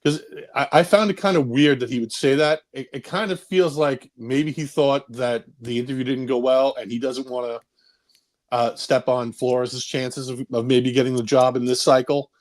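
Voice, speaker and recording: A man calling into a live show, chatting casually and hesitantly with many pauses. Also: mid-range voice, fairly even intonation. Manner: rambling, hesitant, lots of uhs. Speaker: caller. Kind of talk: casual call-in chat.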